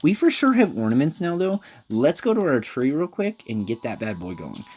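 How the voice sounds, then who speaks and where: A man giving casual, excitable gameplay commentary, chatty and loose. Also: medium pitch, normal speed, husky. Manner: chatty, excitable, lots of "dude" and "like". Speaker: gaming video host. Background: game music.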